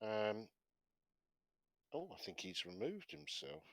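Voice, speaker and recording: A man chatting on a gaming podcast, telling stories in an animated way, swearing and laughing as he goes. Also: fairly low pitch, takes it slowly, creaky. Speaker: podcast co-host. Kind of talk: casual chat, storytelling.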